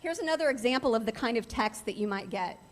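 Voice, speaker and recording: A woman's voice: a little high, expressive, fast talker. A middle-aged woman giving an earnest, emphatic talk to a club as a guest speaker on cybercrime, often repeating phrases for stress.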